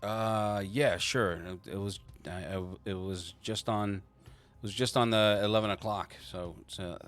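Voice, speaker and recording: Halting, low-voiced man as game master. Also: fairly even intonation, a bit bright, faint music behind. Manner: halting, lots of restarts and fillers. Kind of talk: narrating a tabletop game.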